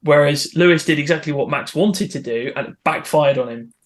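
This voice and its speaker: A man co-hosting a podcast, his voice sitting a little high for a man. He argues his points earnestly and with conviction, stumbling over restarts as he builds them. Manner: earnest, opinionated, halting restarts. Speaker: podcast co-host. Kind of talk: casual podcast chat.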